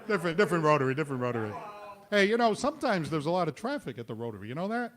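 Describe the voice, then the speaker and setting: A man hosting a live comedy show in a restaurant, telling pun jokes with quick self-mocking asides. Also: fairly high pitch, big pitch swings, a bit bright. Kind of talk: stand-up jokes and banter.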